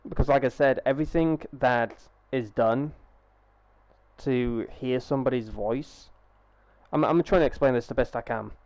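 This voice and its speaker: A man's voice: mid-range voice, normal speed, darkish tone, dry recording. A young man chatting casually on a live gaming stream through a headset, rambling, swearing freely and restarting his sentences.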